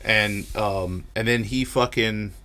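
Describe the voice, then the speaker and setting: A man co-hosting a podcast in casual chat, animated, swearing a lot and laughing easily. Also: on the low side, takes it slowly, a little hiss or hum. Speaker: podcast co-host.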